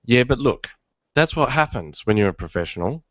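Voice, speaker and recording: A man's voice: medium pitch, lively intonation, fairly quick, a bit bright, no room sound. A man co-hosting a podcast in casual, joking chat while he has a cold. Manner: joking, rambling. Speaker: podcast co-host. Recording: dry, slightly muffled sound.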